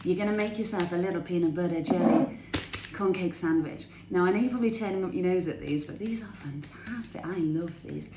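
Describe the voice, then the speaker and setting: Here a fitness tip vlogger gives her viewers casual, chatty healthy-eating pointers to camera from her home kitchen, sounding bubbly and enthusiastic and laughing while she speaks. Her voice is lowish and a little fast. The echoey room carries faint ambience and background noise.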